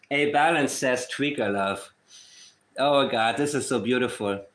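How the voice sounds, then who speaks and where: This true-crime livestream host addresses his chat sarcastically, feigning emotion, and reads letters aloud with a syrupy mockery. His voice is medium in pitch and fairly bright.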